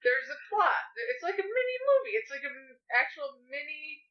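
A woman's voice: high voice, very animated, moderate pace, highs cut off. A woman chatting about a movie with her husband, ranting and laughing in exasperation. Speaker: movie reviewer, co-host with husband. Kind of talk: casual movie review chat.

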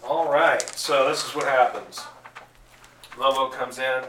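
A man narrating a tabletop game as game master, spinning the action with jokes along the way. His voice is bright and forceful, and he talks at an unhurried pace. The mic is far off in a roomy space, with faint ambience behind him. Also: medium pitch, a little hiss or hum. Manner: animated storytelling, jokey. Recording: echoey room, distant mic, faint ambience.

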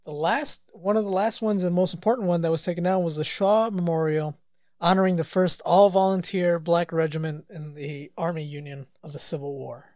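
A man riffs on news clips with a podcast partner, swearing constantly and getting worked up. His voice sits on the higher side for a man. The recording is dry and close, with no room sound. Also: a little fast, no echo. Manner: profane, excitable, swears constantly. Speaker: podcast co-host. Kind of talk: casual banter reacting to news clips.

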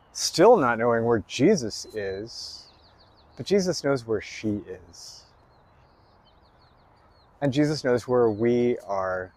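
A man preaches slowly and deliberately, leaving room between his phrases. He prays and then reflects on his text for an online service, pushing hard on the words he wants to stress. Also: medium pitch, a little mellow. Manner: reflective, emphatic in bursts. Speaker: pastor. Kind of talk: sermon and prayer.

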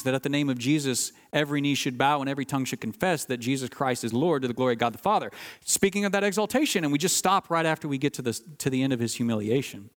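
Guy preaching, earnest teachy tone, kinda high voice, big hall echo. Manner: earnest teaching, stresses key words, restarts phrases. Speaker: pastor. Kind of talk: sermon.

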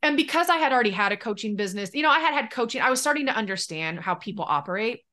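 A woman business coach, a podcast guest, telling a candid personal story in an animated conversational way. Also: a little high, racing. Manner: animated, acts out quoted exchanges in lively voices.

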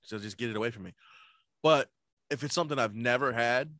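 A man co-hosting a podcast, telling stories in casual chat with lots of swearing, jumping his voice up high when he acts out what people said. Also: a little fast, bright, forceful tone, no room sound, clean studio sound. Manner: profane storytelling, acts out quoted people in a raised voice. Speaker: podcast co-host.

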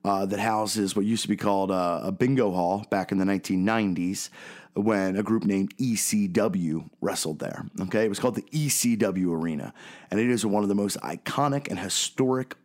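Chatty Philly-accented man, low voice. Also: normal speed, a little mellow. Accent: Philadelphia. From Philadelphia. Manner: chatty, frequent "right?" and "okay?" check-ins. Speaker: podcast host. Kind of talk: casual podcast monologue.

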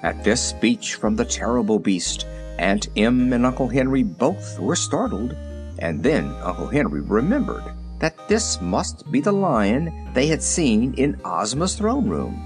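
A man narrating a children's storybook in an expressive, measured reading. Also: medium pitch, soft background music. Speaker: audiobook narrator.

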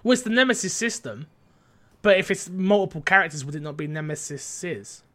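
A man's voice: high voice, expressive, brisk, sharp tone. Chatty man stumbling through gaming news. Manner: rambling, stumbling over words, playful. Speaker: co-host reading gaming news. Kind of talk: casual gaming news chat.

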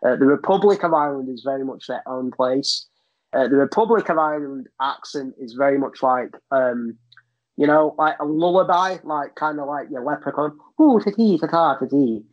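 A man's voice: medium pitch, normal speed, muffled recording. Blunt, swearing Englishman in casual chat. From England. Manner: blunt, swears freely, rambling asides. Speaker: podcast guest.

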